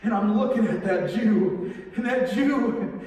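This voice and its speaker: Older cross builder, rough and guilt-ridden, played by a man; a higher voice, broken phrasing, distant and echoey. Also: darkish tone. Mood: tense. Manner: halting, emotional, restarts and nervous laughs. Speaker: church drama performer. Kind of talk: first-person dramatic monologue. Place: large echoey church sanctuary. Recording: echoey hall from far off.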